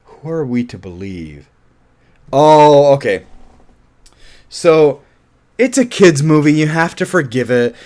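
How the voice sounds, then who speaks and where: A man casually reviewing a film, animated and laughing often, with offhand swearing. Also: fairly high pitch, slow pace, pauses often. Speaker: movie reviewer.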